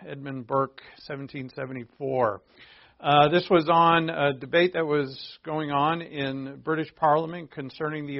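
Gravelly man preaching a sermon. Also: mid-range voice. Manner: conversational, asides to the audience. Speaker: pastor. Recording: dull lo-fi recording.

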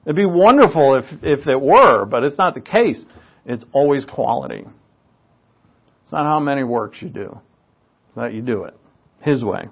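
A man's voice: mid-range voice, lively intonation, moderate pace, vocal fry, pauses often, slightly rough, muffled recording. A man preaching a conversational sermon, with joking, self-mocking asides.

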